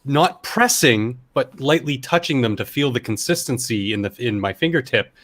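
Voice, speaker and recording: A man who works as a professional chef, chatting casually over a video call in a halting, rambling way. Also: medium pitch, animated, fairly bright tone. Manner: hesitant, rambling with restarts. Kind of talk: casual chat.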